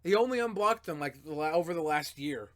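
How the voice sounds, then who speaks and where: A man's voice: a little high, expressive, brisk, fairly bright tone. A man chatting loosely on a live stream, swearing and swapping gossip in an offhand, storytelling way. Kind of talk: casual live-stream chat.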